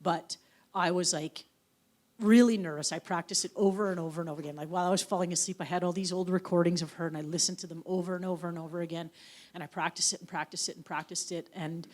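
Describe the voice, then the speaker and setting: Frank, storytelling author from the Yukon. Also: female voice, lowish voice, fairly even intonation, fast talker, darkish tone. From Yukon, Canada. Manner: anecdotal storyteller, frank and profane. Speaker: author guest. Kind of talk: onstage conversation. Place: live event on stage.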